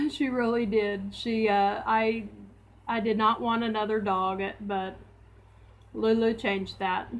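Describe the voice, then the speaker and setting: A woman hosting a casual live stream, chatty and unhurried. Her voice sits fairly high, and she slips into cooing baby talk at her dog.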